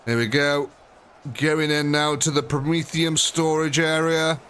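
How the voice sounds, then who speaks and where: A man's voice: a little high, level tone, unhurried, fairly bright tone, clean tone. A man commentating a live strategy game, chatty and thinking aloud, often talking straight to the units on screen. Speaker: gaming streamer.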